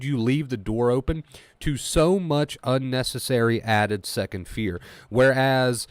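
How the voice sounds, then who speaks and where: Male coach, mid-pitched voice, dry close mic; emphatic, repetitive, voicing anxious thoughts in quotes. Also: dry recording. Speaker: anxiety recovery coach. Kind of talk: solo motivational talk to camera.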